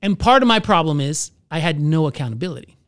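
A man who is a pastor, telling his own story in an earnest, halting way and searching for his words. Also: a little high, animated, a bit bright, no room sound, clean studio sound. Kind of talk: candid personal testimony in conversation.

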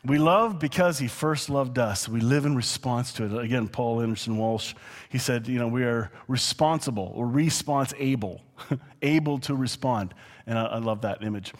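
A man preaching a sermon in a relaxed, conversational way, with quick asides and chuckles. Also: mid-range voice. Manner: conversational, chuckling, slows down to read scripture. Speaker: pastor. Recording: long hall reverb.

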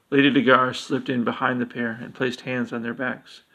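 A man narrating a fantasy story aloud in an even, unhurried way. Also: mid-range voice, low-quality recording.

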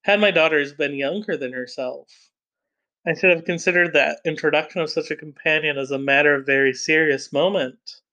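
A man reading the lines of a dignified, stern head of household in a measured, formal way. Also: fairly high pitch, bright, forceful tone. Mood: grave.

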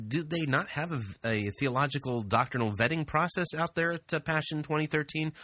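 A male radio host delivering critical commentary, blunt and sarcastic in manner. His voice is bright and sits at an ordinary pitch. The recording is dry, with no room sound. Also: dry recording. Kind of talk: critical commentary on sermon clips.

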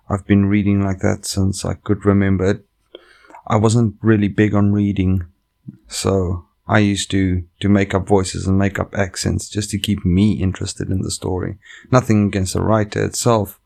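Gravelly low-voiced man reading stories. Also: level tone, normal speed, darkish tone. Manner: rambling, profane, self-interrupting. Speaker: comedian and podcast host. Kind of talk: casual chat and reading online stories aloud. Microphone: microphone.

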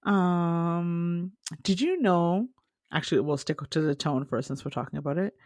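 A woman's voice: fairly low pitch, measured pace, a little mellow, no echo, clean studio sound. A young woman co-hosting a podcast in casual chat, talkative, laughing often and swearing casually. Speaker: podcast co-host.

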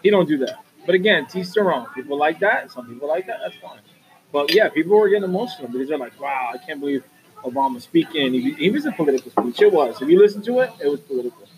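A man's voice: a little high, lively intonation, quick pace. A man hosting a casual podcast chat, joking and rambling as he tells stories. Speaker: podcast host. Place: restaurant. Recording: noisy restaurant crowd. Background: crowd chatter.

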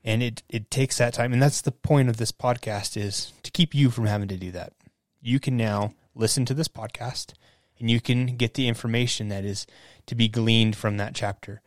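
A man's voice: medium pitch, steady tone, moderate pace, no echo, studio quality. A man co-hosting a podcast, explaining things in an earnest, casual way. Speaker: podcast co-host.

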